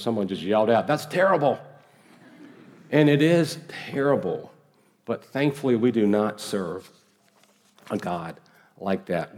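A man preaching a sermon as pastor, earnest and emphatic, with slow deliberate pauses and repeated phrases. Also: low-pitched, a little mellow. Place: church sanctuary.

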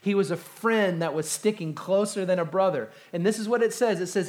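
A pastor preaching a sermon, reading scripture and retelling it in a conversational, animated way. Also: male voice, sits high, brisk, few pauses.

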